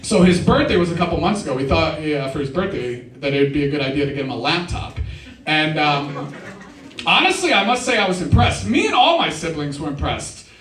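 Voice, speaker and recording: A man's voice: a little high, expressive, fairly quick, fairly bright tone. A young man performing a casual stand-up comedy set at a live show, often saying "dude". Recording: roomy live sound, mic at a distance.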